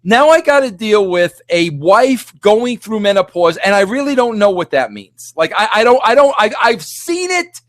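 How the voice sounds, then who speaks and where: A middle-aged man hosting a podcast, ranting in a rambling, excitable way full of restarts and filler words. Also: high-pitched, moderate pace, hardly any pauses, no room sound. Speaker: podcast host. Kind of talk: animated solo rant.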